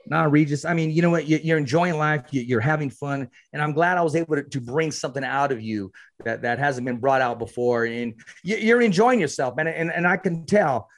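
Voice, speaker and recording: A male podcast host with a slightly raised pitch talks earnestly with his boxer guest. He often stumbles and repeats himself while he gathers his questions. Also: fairly quick. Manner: earnest, repetitive, stumbling restarts. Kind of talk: casual interview.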